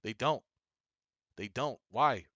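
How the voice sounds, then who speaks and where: A man's voice: mid-range voice, slow pace, sharp tone, no room sound, dull audio. A young adult man giving an emphatic, preachy monologue, often repeating himself. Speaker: business coach. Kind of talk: casual monologue commentary.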